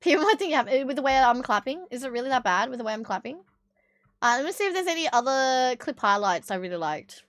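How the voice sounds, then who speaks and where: An Australian woman chats with her live-stream viewers in a casual, rambling way, with plenty of swearing and laughter. Her voice sits high, and the sound is dry and close with no room echo. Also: big pitch swings, fast, fairly bright tone. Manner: swears freely, chatty, laughs often.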